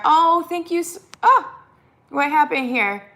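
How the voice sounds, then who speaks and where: Woman, Minnesotan accent, live-stream host, chatty, reading comments, bright tone. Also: sits high, expressive, slow. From United States. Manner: chatty, reads comments aloud and answers them. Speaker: YouTuber hosting a live stream.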